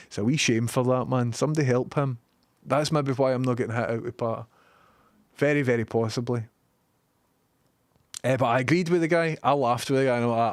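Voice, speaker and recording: A man's voice: medium pitch, a little fast, dry recording. A young Scottish man chatting casually on a live stream from his home studio, joking and reading out viewer messages. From Scotland.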